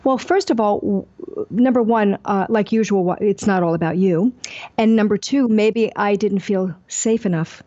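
An older woman speaks in a mellow, relaxed tone, candidly recounting her own story as an interview guest. She livens it up by acting out the people she quotes. The recording is dull and lo-fi. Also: mid-range voice, moderate pace. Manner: animated, acts out quoted dialogue. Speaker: author guest.

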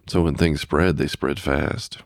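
A man's voice: rumbling low, steady tone, measured pace, no echo, clean studio sound. A man hosting a podcast, chatting casually with lots of fillers and restarts. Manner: rambling, many fillers and restarts. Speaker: podcast host. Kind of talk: casual chat.

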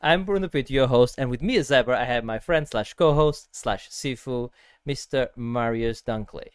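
Guy hosting a podcast, chatty and jokey, smooth clear voice, dead dry mic. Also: mid-range voice, normal speed, dry recording. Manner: chatty, self-deprecating, laughs often. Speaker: podcast host. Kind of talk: casual chat.

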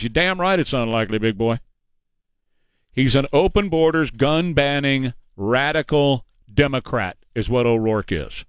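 A middle-aged man hosting a talk show, delivering a combative, sarcastic political monologue at a fast clip. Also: on the high side, fairly bright tone, dry recording. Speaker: radio talk show host.

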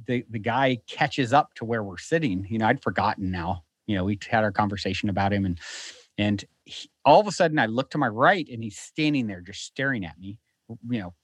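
A man with a medium-pitched voice tells a story as a podcast guest who hosts his own show and lives in a beach town. He's animated and rambling, with many restarts, in a casual storytelling style. The recording sounds dry.

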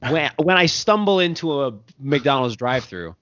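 A man's voice: on the high side, expressive, moderate pace, fairly bright tone, no room sound. A man hosting a podcast interview, rambling through his questions with lots of fillers and frequent laughter. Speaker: podcast host. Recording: dry, dull lo-fi sound.

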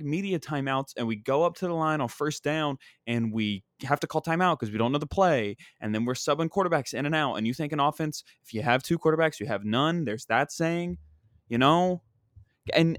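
A young male comedian launches into a casual sports rant, rambling, exasperated, and self-deprecating. His mid-range voice is captured on a dry close mic with no room sound.

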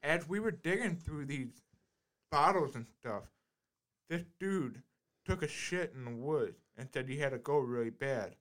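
A man's voice: on the high side, lively intonation, a little slow, a bit bright. A man telling a rambling childhood story in a casual chat, repeating himself and swearing.

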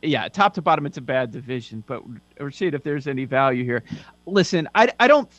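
A man's voice: medium pitch, lively intonation, a bit bright, dry recording. Sarcastic man talking football bets. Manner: sarcastic, lists facts quickly. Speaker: sports betting host. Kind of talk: casual sports betting chat.

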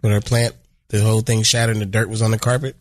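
A man's voice: lowish voice, level tone, quick pace, dry recording, studio quality. A man in casual chat, telling funny stories and acting out quotes between laughs. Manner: laughing storyteller, acts out quotes.

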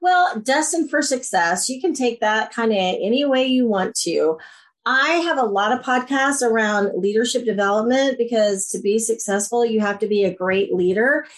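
A woman guest on a podcast interview, talking in an enthusiastic, animated storytelling way. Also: on the high side, normal speed. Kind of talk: casual interview chat.

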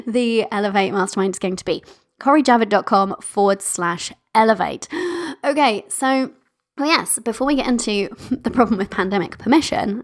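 A woman hosting her own podcast, chatting casually and warmly to listeners, bubbly and laughing often. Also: medium pitch. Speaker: podcast host. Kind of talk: casual solo podcast chat.

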